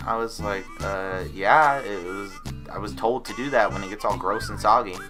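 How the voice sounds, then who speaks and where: Animated young man telling a rant story. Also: fairly low pitch, fairly quick, hardly any pauses, faint music behind. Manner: animated, acts out voices of coworkers. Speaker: vlogger.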